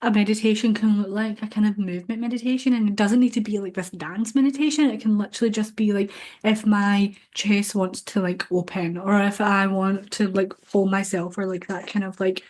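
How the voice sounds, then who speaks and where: Gentle woman podcaster. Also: mid-range voice, fairly even intonation, brisk. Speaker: podcast co-host. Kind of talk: casual chat.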